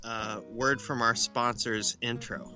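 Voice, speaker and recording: A man's voice: mid-range voice, little pitch movement, slow, pushed and bright, faint music behind. A man co-hosting a casual podcast, speaking in a playful, teasing way. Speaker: podcast co-host. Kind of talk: casual chat.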